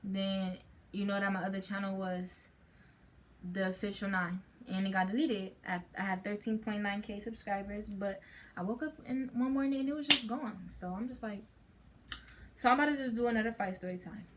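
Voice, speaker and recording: A woman's voice: mid-range voice, steady tone, moderate pace, noisy background. A teenage girl chats to her channel, telling a story in a loose, rambling way. She keeps stopping to restart her sentences, and she fills the gaps with "like" and "um". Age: teens. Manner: chatty, rambling with many fillers and restarts. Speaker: vlogger. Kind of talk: casual storytime chat.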